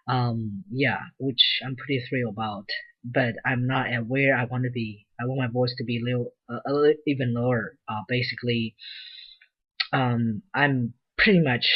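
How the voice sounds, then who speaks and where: A young man speaking in a casual video update, hesitant and full of pauses. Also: medium pitch, husky, lo-fi sound. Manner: hesitant, many ums and restarts. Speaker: vlogger.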